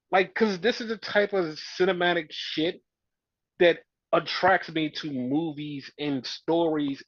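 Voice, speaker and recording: Excited rambling man, dull lo-fi mic. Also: on the high side, no echo. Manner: excited, rambling with many "like" fillers. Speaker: podcast host. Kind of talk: casual wrestling recap chat. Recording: dull lo-fi sound.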